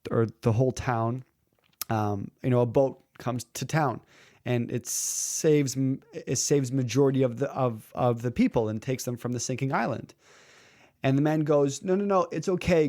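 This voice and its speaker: Brief: male coach, animated storyteller, does character voices, lots of "um", dry close sound. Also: mid-range voice, normal speed, no echo. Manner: lively storyteller who acts out quoted characters; frequent filler words and restarts. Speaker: public speaking coach. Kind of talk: conversational interview storytelling.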